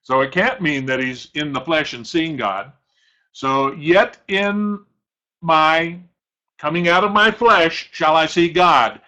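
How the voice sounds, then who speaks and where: A middle-aged male pastor preaching a sermon, slowing down hard to stress scripture quotations. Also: fairly high pitch, sharp tone, poor audio. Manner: emphatic, slows to stress scripture, throat-clearing.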